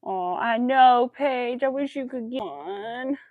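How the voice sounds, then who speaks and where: A woman's voice: on the high side, slow, no room sound, phone-quality sound. A woman crochet vlogger chatting casually to her viewers and her dog, cooing baby talk at the pet.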